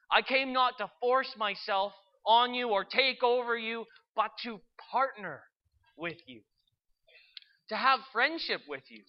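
A storyteller voicing a patient, loving divine spirit in a calm, slow, tender way. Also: mid-range voice, lo-fi sound, natural voice.

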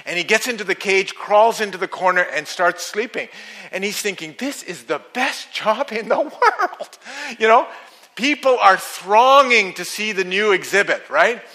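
A middle-aged preacher with a high, bright voice, spinning a story in an animated way. He chuckles at his own jokes and swings from playful to earnest. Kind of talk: sermon.

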